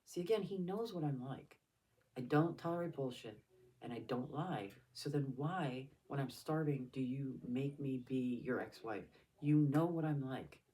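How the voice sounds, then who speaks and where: A woman's voice: a bass voice, moderate pace. Tearful middle-aged woman, raw and volatile. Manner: swings between loud anger and hushed whispers. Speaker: vlogger. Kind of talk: raw emotional monologue addressed to her father. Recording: voice a bit far from the mic.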